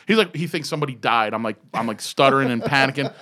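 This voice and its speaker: A man in his fifties telling an excitable, profane story in a casual podcast chat. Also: medium pitch, quick pace, hardly any pauses. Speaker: former BMX rider telling a story.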